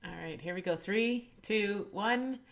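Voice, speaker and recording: A woman from Canada hosting an esports stream, giving relaxed, chatty game commentary and laughing often. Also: mid-range voice, measured pace. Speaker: esports caster and stream host. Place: home streaming setup. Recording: steady background noise.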